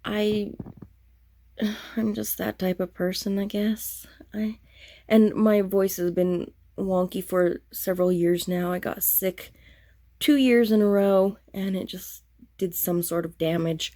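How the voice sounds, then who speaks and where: Flat, throaty woman vlogger. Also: medium pitch, slow, no echo, clean studio sound. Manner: self-deprecating, apologetic, rambling. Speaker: cross-stitch vlogger. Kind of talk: casual show-and-tell chat.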